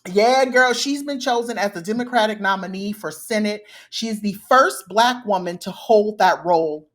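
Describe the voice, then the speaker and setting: A woman co-hosting a podcast in casual chat, animated and playful. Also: medium pitch, normal speed. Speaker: podcast co-host.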